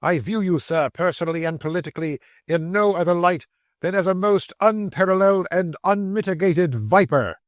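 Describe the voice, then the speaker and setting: A man's voice: on the high side, expressive, moderate pace, no echo, studio quality, lightly acted. A man voicing a pompous, indignant male newspaper editor in an audiobook, declaiming insults in a raised voice.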